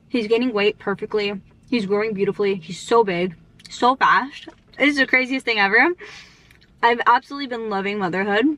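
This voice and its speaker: A young woman vlogger chatting casually and rambling, full of fillers, talking fast because she is in a rush. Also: medium pitch, a bit bright. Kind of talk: casual chat.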